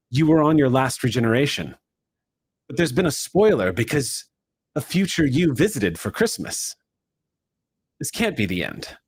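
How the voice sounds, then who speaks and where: A man runs a tabletop role-play, narrating dramatically in the second person. His voice is husky and mid-pitched. He speeds through some lines and stretches others out slowly. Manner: shifting pace, swift then drawn out. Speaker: game master.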